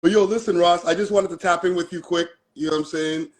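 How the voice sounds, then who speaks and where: A man's voice: high voice, steady tone, fast. A man with a Toronto accent, a guest on a casual live-stream chat, talking in a laid-back, slangy way. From Canada.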